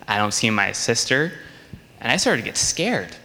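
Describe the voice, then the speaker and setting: Storytelling man for a children's sermon, lively, does little voices, in a hall with a long echo. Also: mid-range voice, moderate pace, slight background noise. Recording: long reverb of a large hall.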